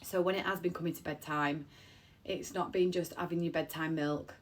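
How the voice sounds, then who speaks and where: The woman's voice sits low and steady at a normal speed. She's an emotional mother of three telling a personal story, on the verge of tears, and her heartfelt telling wanders and repeats itself.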